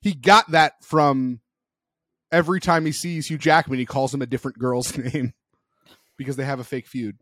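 A man's voice: medium pitch, moderate pace, no room sound, studio quality. A man in his thirties hosting a casual group chat, joking and crude. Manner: animated, joking, crude humor. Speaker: podcast host.

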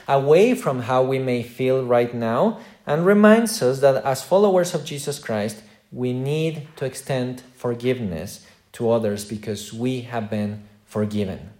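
A man preaching a sermon in a middle-pitched voice, earnest and direct. He puts questions to his congregation and swings between loud emphatic lines and quiet asides. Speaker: pastor.

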